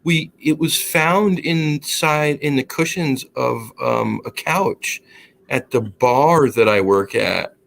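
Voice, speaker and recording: A man voicing a flustered young woman who works at a bar, halting and hesitant as she leaves a voicemail. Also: mid-range voice, gravelly, a bit bright, voice pushed up.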